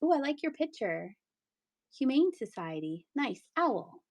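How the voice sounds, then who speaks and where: A woman's voice: sits high, big pitch swings, a little slow, a little mellow, highs cut off. A middle-aged woman from Pennsylvania hosting a live-stream sale, chatty and playful, with giggles and sing-song asides. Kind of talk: casual live-sale chat.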